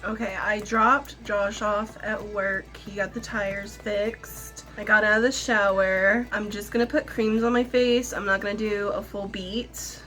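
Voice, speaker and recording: A woman's voice: mid-range voice, fairly even intonation, unhurried, hardly any pauses, bright, forceful tone, soft background music. A young woman vlogging casually to camera at home, chatty and self-deprecating, nervous before a job interview. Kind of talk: casual vlog chat to camera.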